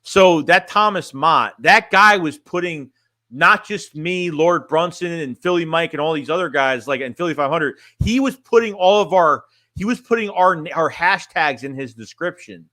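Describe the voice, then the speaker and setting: A man's voice: on the high side, normal speed, pushed and bright, dry recording, studio quality. A man chatting casually on a livestream as a sports fan streamer, reading chat and talking bluntly, rambling and restarting his phrases.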